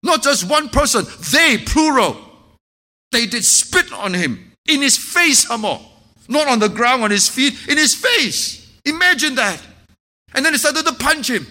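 A man preaching a sermon, impassioned at times and dropping to hushed, earnest tones. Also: extremely high pitch, expressive, unhurried. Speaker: pastor.

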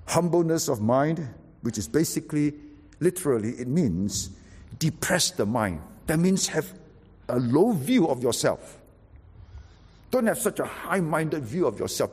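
Husky, lively-voiced male preacher in a reverberant hall. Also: medium pitch. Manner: emphatic, animated preaching with sudden drops to quiet. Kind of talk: sermon.

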